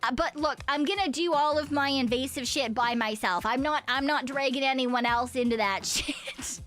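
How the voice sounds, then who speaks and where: A woman's voice: high voice, moderate pace, a bit bright, soft background music. A woman streamer chatting casually with viewers, rambling, giggling often and swearing freely. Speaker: VTuber streamer. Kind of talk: casual stream chat reading viewer messages.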